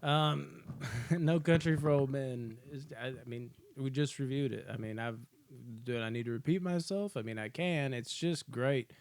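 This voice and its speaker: A man's voice: mid-range voice, moderate pace, dry recording. A man co-hosting a casual movie podcast, talking animatedly and swearing freely as he ranks his favorite films. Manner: animated, swears freely, acts out scenes in put-on voices. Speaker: podcast co-host. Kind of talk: casual movie ranking chat.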